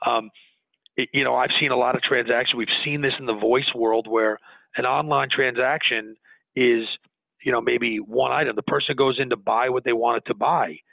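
A man, a business owner, talking earnestly in an interview, animated and restarting his sentences as he goes. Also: mid-range voice, normal speed, creaky, no room sound. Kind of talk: conversational interview. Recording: tinny phone-line audio, dry.

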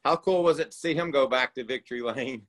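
A man's voice: medium pitch, fast, fairly bright tone, rough recording. Chatty man hosting a podcast. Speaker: podcast host. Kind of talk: casual interview chat.

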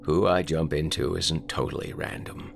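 A man's voice: a bass voice, fairly even intonation, moderate pace, creaky, a little hiss or hum. A man voicing a haunted man who is secretly a soul-taking reaper, speaking in a grave, matter-of-fact way. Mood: cold calm.

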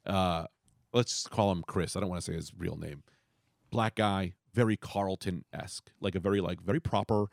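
Young man, low-pitched storyteller, profane and animated, dry close recording. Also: quick pace, vocal fry, dry recording. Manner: rambling, profane, animated storyteller who acts out quotes. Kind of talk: casual storytelling chat.

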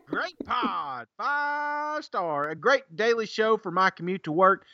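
A man's voice: sits high, bright, forceful tone, dry recording, lo-fi sound. A man co-hosting a casual podcast, joking, laughing often and reading listener reviews aloud. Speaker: podcast co-host.

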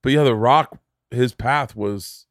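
A man hosting a podcast, telling stories in a casual, animated way, swearing freely and breaking into impressions. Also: takes it slowly, no echo, studio quality. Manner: animated storyteller, swears freely, jumps into high-pitched impressions. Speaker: podcast host. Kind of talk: casual chat.

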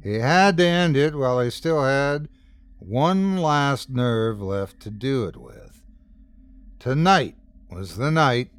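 A man's voice: mid-range voice, clear, resonant tone. A man hosting and narrating a scripted horror story, dramatic in delivery and voicing the repeated thumping sounds himself. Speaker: podcast host and narrator.

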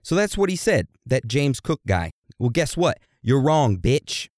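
Profane, animated male podcast host. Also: medium pitch, a little slow, no room sound, clean studio sound. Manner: profane, joking, irreverent; addresses co-host like a teacher. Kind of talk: casual history storytelling.

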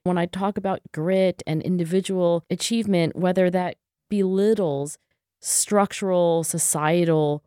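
Low-voiced earnest woman guest. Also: steady tone, warm tone, clear, resonant tone, no room sound, clean studio sound. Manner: earnest and thoughtful, quick restarts. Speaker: guest, psychologist and author. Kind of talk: interview conversation.

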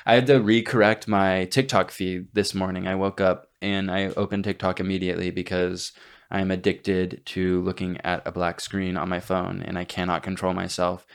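A man co-hosting a podcast with a fairly low voice. He tells stories in a casual, self-mocking and dramatic way. He swears freely as he goes. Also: flat delivery, moderate pace, smooth. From Texas. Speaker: podcast co-host. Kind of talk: casual chat.

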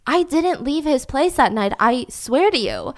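Woman doing a bewildered young suspect, high-pitched and flustered. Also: animated, measured pace. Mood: flustered, defensive. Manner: flustered, defensive protests. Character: bewildered young woman under police questioning.

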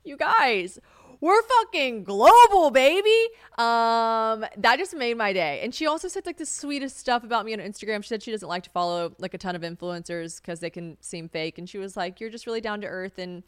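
A woman's voice: fast talker, hardly any pauses, clear, resonant tone, no echo. A young woman hosting a casual solo podcast, chatty and swearing freely, often acting out what others said. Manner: chatty, swearing, laughs, acts out quotes in a high voice. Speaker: podcast host.

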